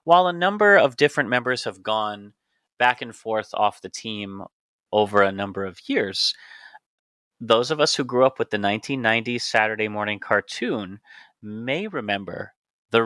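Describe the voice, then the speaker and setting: A man co-hosting a medical podcast, laying out ideas in a steady, playful explanatory way. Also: on the low side, moderate pace, no echo. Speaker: podcast co-host, physician. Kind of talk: casual podcast chat.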